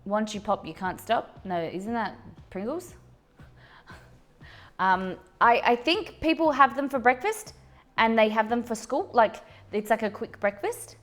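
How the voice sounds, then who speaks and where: A woman's voice: fairly high pitch, lively intonation, unhurried. A woman hosting a casual live cooking stream, reading out viewer messages in a chatty, rambling way and laughing at her own slips. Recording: faint music in background.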